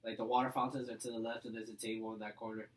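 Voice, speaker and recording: A young man co-hosting a casual podcast, relaxed and agreeable, chiming in with questions. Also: on the low side, rapid-fire, far from the mic, rough recording. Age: young adult. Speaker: podcast co-host. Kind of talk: casual chat.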